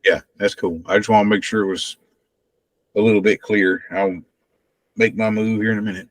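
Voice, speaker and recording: A man's voice: fairly low pitch, steady tone, moderate pace, no room sound. A man playing a tabletop game, casual and asking practical tactical questions. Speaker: player.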